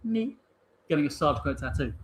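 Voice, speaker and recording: A man's voice: a little high, expressive, normal speed. A man co-hosting a livestream, reading out fan questions in a playful, joking way. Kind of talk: casual livestream chat.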